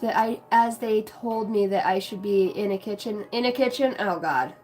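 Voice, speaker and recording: A woman's voice: medium pitch, moderate pace, a little mellow, soft background music. A woman chatting casually on a live stream, brash and profane, laughing often.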